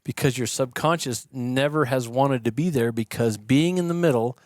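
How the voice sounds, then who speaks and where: A man with a mid-pitched voice talks through shooting technique as a podcast guest, lively and chatty. He explains in a casual way and acts out the people he quotes. The sound is dry and close, with no room echo. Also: moderate pace. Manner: animated storyteller, acts out quoted yelling. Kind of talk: conversational explaining. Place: podcast studio.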